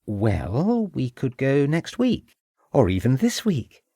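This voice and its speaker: An eager young wife, pleading and bubbling with excitement, as a male reader puts her on. Her lifted voice swings widely, recorded close and dry for an audiobook. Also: medium pitch, slow pace, gravelly, dry recording, full character voice. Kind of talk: audiobook character voice.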